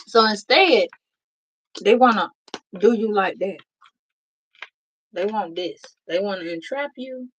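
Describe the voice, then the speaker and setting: Lo-fi sound carries a mid-range female voice as a tarot reader casually reads for viewers. She addresses them directly, blunt, emphatic and profane throughout.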